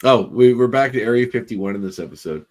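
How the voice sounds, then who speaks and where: A man's voice: medium pitch, animated, fast talker, a little mellow. A man co-hosting a podcast in casual chat, rambling and leaning on filler words. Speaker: podcast co-host.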